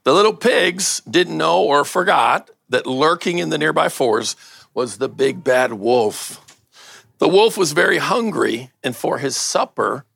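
A man's voice: fairly high pitch, gravelly, a bit bright, no room sound, clean studio sound. An older man, a pastor, giving a casual sermon, reading a story aloud and bantering with his audience.

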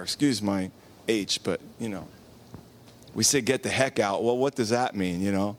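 A man's voice: mid-range voice, moderate pace. A man preaching a casual Sunday-night sermon, telling a story with acted-out quotes and questions to the congregation. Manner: animated, acts out quotes, asks the congregation questions. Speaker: pastor. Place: church.

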